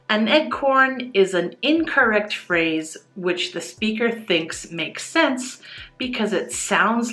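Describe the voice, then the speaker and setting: A woman teaching English in a clear, measured voice with a bright tone. She talks slowly and carefully, and soft music runs faintly under her voice. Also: medium pitch. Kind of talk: scripted educational explanation.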